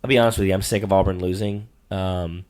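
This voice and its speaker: A man's voice: sits low, fairly even intonation, quick pace, a little mellow. A middle-aged man co-hosting a casual sports-picks podcast, teasing and playfully bossy as a father.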